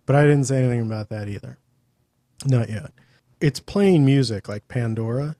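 A man's voice: mid-range voice, normal speed, warm tone. A man animatedly retelling a story in casual podcast chat, profane and exasperated.

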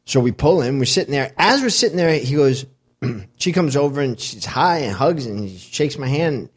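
A man's voice: mid-range voice, lively intonation, normal speed, husky. A man in casual chat, telling a rambling story and laughing easily.

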